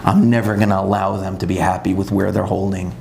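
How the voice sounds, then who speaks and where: A man voicing the Satan as a scheming male tempter spirit, muttering his plans low in a sermon. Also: flat delivery, fast, vocal fry, noisy background. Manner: low, plotting, self-pitying muttering. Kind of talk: quoted voice in a sermon.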